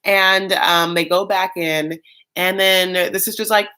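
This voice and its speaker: A man's voice: high-pitched, takes it slowly, clean tone. A man hosting a live reaction show, chatting casually and animatedly with lots of fillers and campy, self-mocking asides. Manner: chatty and animated, many fillers, bursts of mock voices.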